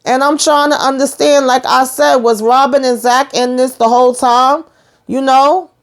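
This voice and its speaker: A woman's voice: sits high, normal speed. Chatty woman recapping a TV episode. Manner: animated, slangy, talks straight to viewers. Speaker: host of a TV recap channel.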